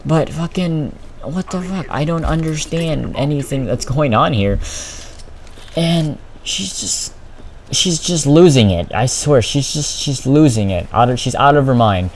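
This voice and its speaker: A teenage boy vents about his school day in a casual vlog, swearing freely and sounding exasperated. His delivery is animated, with a mid-pitched voice. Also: measured pace, slight background noise. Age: teens. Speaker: vlogger.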